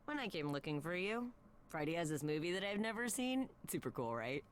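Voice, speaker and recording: An actress voicing a breezy, upbeat young god of messengers in a video game, talking casually with nervous fillers. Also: female voice, on the low side, sing-song, fairly quick, a little hiss or hum.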